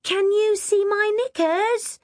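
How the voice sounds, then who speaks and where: A woman voicing a frightened teenage schoolgirl who wails high and tearfully. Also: slow, no room sound, studio quality. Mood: scared, tearful.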